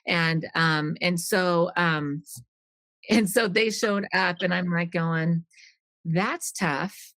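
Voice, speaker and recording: A woman's voice: fairly low pitch, fairly even intonation, takes it slowly, fairly bright tone, no echo. A middle-aged woman telling a personal story on a podcast, earnest and rambling, often restarting sentences and acting out what people said.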